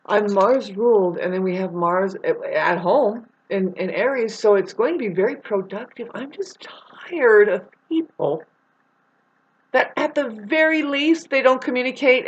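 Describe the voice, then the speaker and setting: A woman's voice: medium pitch, moderate pace. A woman vlogging a rambling spiritual monologue, swearing freely and growing irate as she talks. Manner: profane, grows irate and loud. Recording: dull lo-fi recording.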